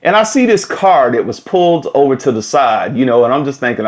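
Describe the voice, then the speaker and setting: A man's voice: medium pitch, normal speed, hardly any pauses. A man hosting a vlog, telling a story in casual, slangy talk straight to his viewers. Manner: animated, slangy, direct address. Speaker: vlog host.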